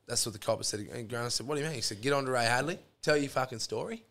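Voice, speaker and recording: Aussie bloke telling a yarn, swears heaps, rambles on, says mate a lot. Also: male voice, mid-range voice, racing, fairly bright tone. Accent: Australian. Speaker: podcast guest. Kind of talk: casual storytelling.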